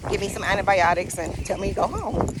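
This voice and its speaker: A woman's voice: mid-range voice, lively intonation. Woman telling a story while walking her dog outdoors. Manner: rambling, halting, talks to her dog mid-story. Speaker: spiritual vlogger. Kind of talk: casual storytelling. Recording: outdoor noise behind the voice.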